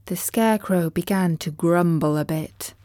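A woman reading a children's storybook aloud in a measured, gentle way. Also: fairly low pitch, no room sound, studio quality. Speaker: narrator.

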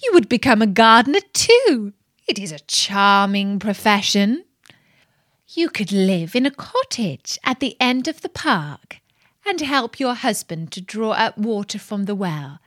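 A woman's voice: on the high side, sing-song, slow, few pauses, breathy edge, dry recording, clean studio sound, full character voice. Woman doing a scornful, mocking eldest princess. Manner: jeering, indignant.

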